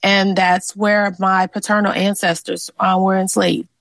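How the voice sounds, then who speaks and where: A woman's voice: mid-range voice, flat delivery, a little slow, vocal fry, fairly bright tone, no room sound. A woman sharing her family's history in an interview, earnest and reflective, with frequent "um" and "like". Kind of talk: personal storytelling in an interview.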